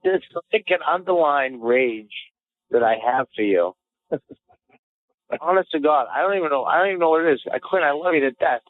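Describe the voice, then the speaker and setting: A man co-hosting a podcast, telling boastful stories in animated, casual banter and quick to get riled. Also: fairly high pitch. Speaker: podcast co-host. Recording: phone-like lo-fi audio.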